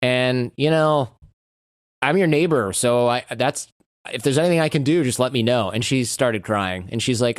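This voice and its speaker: A man's voice: medium pitch, moderate pace, no room sound, studio quality. A man, a guest on a podcast, telling stories in casual conversation and acting out the lines of people he quotes. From United States. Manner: animated storyteller who acts out quoted lines.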